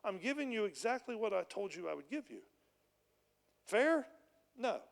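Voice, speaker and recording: A man's voice: high voice, sing-song, normal speed, vocal fry, in a large hall. A man preaching a sermon as a pastor, retelling a parable in plain, conversational storytelling. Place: church.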